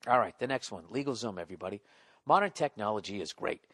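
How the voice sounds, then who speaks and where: A man's voice: on the low side, animated, fast talker, a bit bright, dry recording. Profane, rambling man on a dry mic. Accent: Boston. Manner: profane, rambling, self-mocking. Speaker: podcast host. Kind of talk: casual storytelling monologue.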